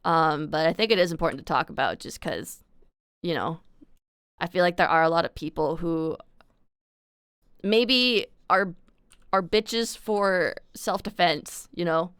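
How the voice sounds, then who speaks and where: A woman's voice: fairly low pitch, a little slow, long pauses, fairly bright tone, clean tone, dry recording. A young adult woman live streaming, chatting candidly and confessionally to her viewers in slangy, casual talk on a close desk mic. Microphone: desk mic close to the mouth.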